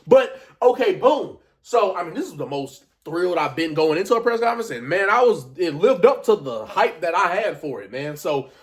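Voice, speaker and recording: Excitable man recapping wrestling. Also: high-pitched, moderate pace, few pauses. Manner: animated, excitable retelling with frequent fillers. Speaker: wrestling reaction vlogger. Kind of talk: casual reaction commentary.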